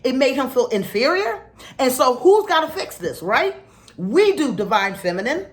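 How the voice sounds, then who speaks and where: This spiritual teacher is a middle-aged woman with a high voice who addresses her followers at a moderate pace. Her delivery swoops and stays lively as she tells heartfelt stories, frequently dropping almost to a whisper for weighty moments.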